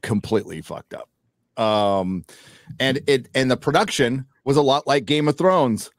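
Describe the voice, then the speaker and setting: A man's voice: medium pitch, dry recording, clean studio sound. A man hosting a casual online panel show, rambling and swearing as he vents. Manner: rambling, profane, animated. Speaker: podcast host.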